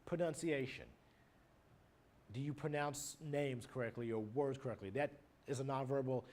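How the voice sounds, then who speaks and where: A married adult man with a mid-range, slightly mellow voice teaches a class in a recorded lecture on nonverbal communication. He goes through terms one at a time in a plain lecturing style, illustrating each with everyday examples.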